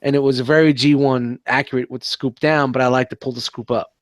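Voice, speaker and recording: A man's voice: mid-range voice, fairly even intonation, fairly quick, dry recording. A male podcast co-host in casual chat, enthusiastic and swearing a lot. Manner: enthusiastic, heavy swearing, says "man" a lot.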